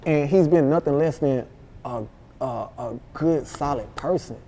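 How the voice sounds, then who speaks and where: A man with a Memphis accent, a rapper telling a story in a casual interview, animated and full of slang, acting out what others said. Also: on the high side, a little slow. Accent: Southern US, Memphis. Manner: animated, slangy, acts out quoted dialogue. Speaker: rapper guest.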